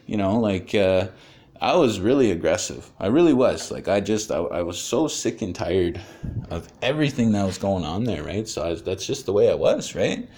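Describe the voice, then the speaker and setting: A man's voice: low-pitched, lively intonation, moderate pace, mellow. Man telling a story. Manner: casual, swears often, many fillers. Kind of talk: personal storytelling.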